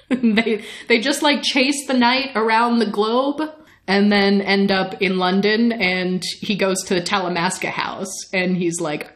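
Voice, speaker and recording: A woman's voice: medium pitch, fairly even intonation, unhurried. A woman hosting a podcast, telling a story in casual, chatty chat and often laughing. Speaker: podcast host.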